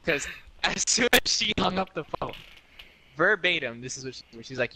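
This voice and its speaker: A man's voice: fairly high pitch, animated, normal speed, creaky, bright, forceful tone. A young man co-hosting a podcast, rambling through a childhood story in casual chat. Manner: rambling, many restarts and fillers. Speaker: podcast co-host.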